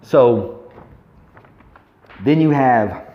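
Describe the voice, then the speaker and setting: A man's voice: mid-range voice, lively intonation, very slow. A man casually recapping a movie in a rambling, chatty way. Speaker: vlogger. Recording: roomy, dull lo-fi recording.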